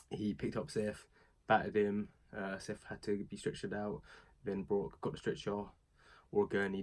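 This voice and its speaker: A man's voice: fairly low pitch, darkish tone. A young British man casually recapping a wrestling show, rambling and chatty, with many fillers and asides. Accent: British English.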